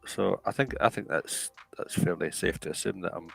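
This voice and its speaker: A man's voice: low voice, normal speed, vocal fry, fairly bright tone, breathy edge, soft background music. A man talking as a guest on a casual chat show, joking, rambling and mocking himself. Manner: jokey, rambling and self-mocking.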